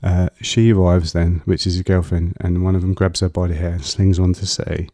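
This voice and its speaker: A man telling a long personal story as an interview guest, halting with fillers and restarts. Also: deep voice, flat delivery, mellow, no room sound, clean studio sound.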